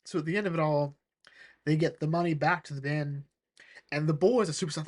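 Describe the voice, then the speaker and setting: Male comics reviewer, casual and rambling, animated delivery, slightly raised pitch. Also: brisk, pauses often. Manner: rambling, animated, sprinkles "like" and "all right?". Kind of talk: excited casual retelling of a comic.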